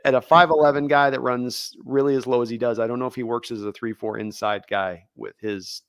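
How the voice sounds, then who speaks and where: Male podcast co-host, fast and rambling, recorded dry. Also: mid-range voice, fairly even intonation, fairly bright tone, clear, resonant tone, dry recording. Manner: rapid, rambling, frequent restarts. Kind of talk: casual sports chat.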